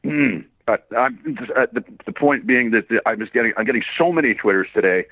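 An older man tells stories in a loose, rambling way, laughing and cursing as he goes. His voice tires fast. The sound is thin and boxed in, like a phone call with no room around it. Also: mid-range voice, no echo. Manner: rambling, laughing, swears freely. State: gets hoarse quickly. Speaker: voice actor interviewee. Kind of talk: casual phone interview. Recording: tinny phone-line sound, dry.

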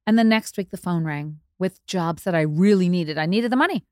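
A woman, a DJ telling candid, self-deprecating stories as an interview guest and jumping her pitch to act out quotes. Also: a little fast, a little mellow, no room sound, clean studio sound. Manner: chatty, self-deprecating, acts out quotes with big pitch jumps.

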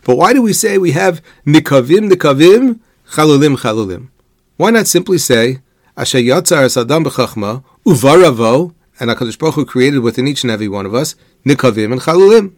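A man's voice: mid-range voice, lively intonation, no echo. Man, Torah teacher, rhetorical questions, dry recording. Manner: measured explanatory delivery, posing rhetorical questions; weaves Hebrew quotations into English. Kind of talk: religious lecture.

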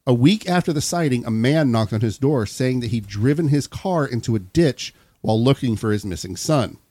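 A man reads a story aloud on a comedy podcast, his pitch swinging up and down as he goes. His voice is close and dry, with no room around it. He drops out of the reading now and then to trade jokes. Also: lively intonation, moderate pace, mellow, no echo. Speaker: podcast host.

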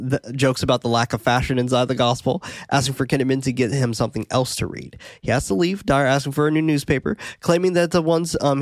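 A man's voice: mid-range voice, no room sound. A man casually recapping a horror movie for a podcast, laid-back, with fillers and laughs. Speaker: podcast host.

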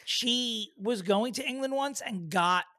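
A man co-hosting a podcast in casual chat, rambling through a funny story and quick to joke. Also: extremely high pitch, bright, forceful tone, no room sound, studio quality. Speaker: podcast co-host.

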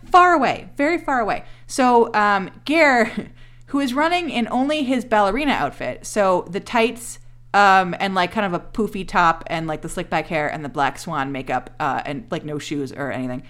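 A woman co-hosting a podcast, talking through a TV episode with a friend in loose, sarcastic chat. She swears freely and slips into quick impressions of the characters. Her voice sits at a middle pitch. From Canada. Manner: animated, sarcastic, swears, acts out characters' lines. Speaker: podcast co-host. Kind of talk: casual chat recapping a TV episode.

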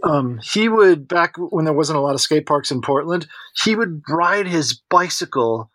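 A man's voice: on the high side, expressive, unhurried, fairly bright tone, no echo. A man co-hosting a casual podcast, telling rambling stories with lots of ums and restarts. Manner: rambling storyteller with fillers. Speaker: podcast co-host. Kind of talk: casual chat.

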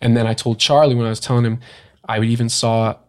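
A young man, a guest on a podcast, tells a story from his past in a casual interview, talking haltingly with many fillers and restarts. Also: mid-range voice, level tone, darkish tone.

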